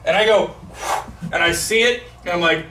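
Stand-up storyteller, man with a high voice, animated and profane, live in a noisy theater. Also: moderate pace. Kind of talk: comedic storytelling on stage. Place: comedy theater stage. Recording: echoey live room, mic from a distance, background noise.

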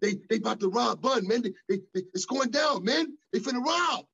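A man putting on the high, hollering voice of an excited friend shouting urgently over the phone. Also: a little fast, creaky, slightly rough, muffled recording, full character voice. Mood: frantic.

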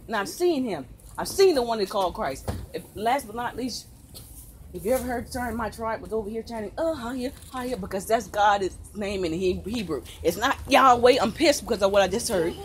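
A woman street preaching with urgency, talking fast and calling out to passersby. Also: mid-range voice, slight background noise. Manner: urgent, rapid-fire, addressing passersby.

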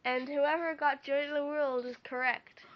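A woman's voice: sits high, fairly even intonation, moderate pace. A girl, chatting playfully and casually with a friend. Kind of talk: casual chat. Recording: dull lo-fi home video with faint hiss.

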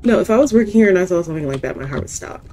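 Exasperated woman gamer reacting out loud. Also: on the low side, expressive, rapid-fire, a little hiss or hum. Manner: reactive, exasperated, repeats herself in panic. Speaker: gaming streamer. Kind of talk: casual gameplay commentary.

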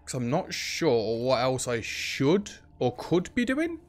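This man hosts a let's play, speaking slowly at a medium pitch with a very animated delivery. He chats his way through the gameplay, thinking aloud and saying "um" a lot.

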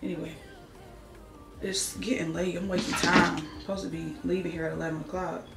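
A young woman vlogs from a roomy space at home, chatting candidly and directly to her viewers. Her fairly low, creaky voice moves little in pitch and is fairly quick, with loud music behind it, and the distant mic picks up an echoey room.

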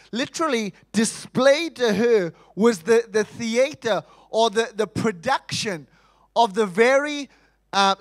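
A man preaching an Easter sermon in a lively, humorous way, calling out to the congregation for responses. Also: very high voice, no room sound, rough recording. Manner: lively, humorous, acts out quoted voices.

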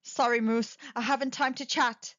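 Woman reader doing a slow, growly grumpy bear, lower than her own voice. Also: steady tone, fairly bright tone, muffled recording, natural voice. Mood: gruff. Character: big gruff male bear, grumpy.

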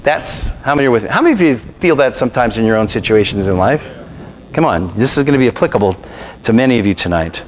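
Animated preaching man. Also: mid-range voice, fast. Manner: preaching, calls for congregation to repeat and answer. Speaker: pastor. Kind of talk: sermon.

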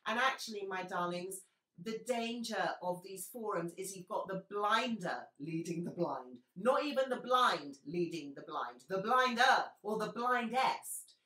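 A woman's voice: medium pitch, sharp tone. Blunt makeup artist lady, passionate, swears a bit, echoey room, mic kinda far off. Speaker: makeup artist and brush maker. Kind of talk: candid spoken talk to followers. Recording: roomy sound, distant mic.

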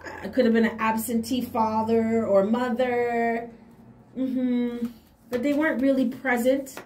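A woman's voice: on the high side, steady tone, measured pace, darkish tone. A woman giving a casual tarot reading straight to her viewers, talking emphatically and dropping affirming hums and small laughs between her points. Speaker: tarot reader. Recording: echoey room with faint hiss.

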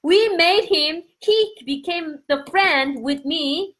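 Speaking slowly in an extremely high voice, a middle-aged woman from Korea runs a casual home live stream, greeting viewers by name in an excitable, chatty way. She has a Korean accent, and the recording is rough.

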